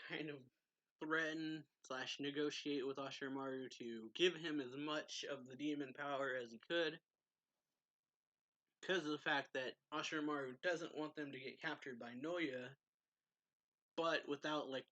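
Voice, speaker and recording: A man's voice: fairly high pitch, bright, forceful tone. A man casually recapping a manga chapter as a reviewer, chatty and loose, with lots of "like" and "so yeah" and frequent chuckles. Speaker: anime reviewer.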